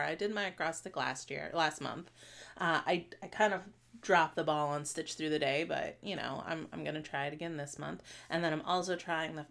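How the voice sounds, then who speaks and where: A woman in her late thirties chatting casually to camera as a stitching vlogger, rambling with many fillers and restarts. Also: lowish voice. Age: 30s. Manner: talks fast at times.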